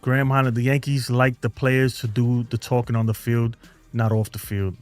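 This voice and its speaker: A man's voice: mid-range voice, little pitch movement, normal speed, faint music behind. A man hosting a casual baseball fan stream from home, laughing often and saying "man" and "bro" a lot. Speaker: baseball fan channel host. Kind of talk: casual live-stream chat reading viewer comments.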